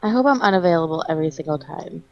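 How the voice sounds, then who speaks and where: A young woman, an interpreter co-hosting a podcast, chatting casually with dry, deadpan jokes over a remote call. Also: fairly low pitch, racing, muffled recording. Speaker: podcast co-host, ASL interpreter. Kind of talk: casual chat. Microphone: remote call mic.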